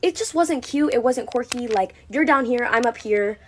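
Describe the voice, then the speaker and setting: A woman's voice: a little high, animated, normal speed, slight background noise. A woman telling a personal story in a casual vlog, chatty and blunt, with a sassy edge and lots of "like.". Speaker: vlogger.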